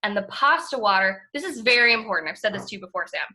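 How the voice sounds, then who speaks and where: A young woman co-hosting a podcast chats enthusiastically, full of fillers and the odd swear word. She talks quickly with lively intonation, her medium-pitched voice bright and forceful.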